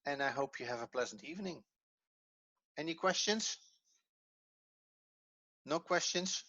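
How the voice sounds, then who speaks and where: Male teacher, clear bright voice, patient and methodical, dull lo-fi recording. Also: fairly high pitch, lively intonation, a little slow, dry recording. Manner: patient, step-by-step explaining, thinks aloud. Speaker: Hebrew teacher. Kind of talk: evening class lesson.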